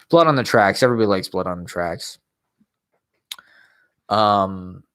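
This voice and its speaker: A man's voice: medium pitch, a bit bright. A man in his thirties telling a rambling, profane story in casual monologue, often breaking into laughter. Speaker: podcast host.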